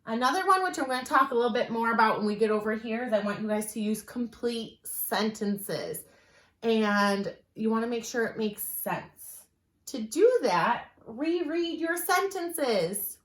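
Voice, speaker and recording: A woman teacher walks her class through a writing lesson in a clear, patient way, leaning on slow, stressed examples. Her voice sits a little high for a woman. The room around her is roomy and echoey. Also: a bit bright.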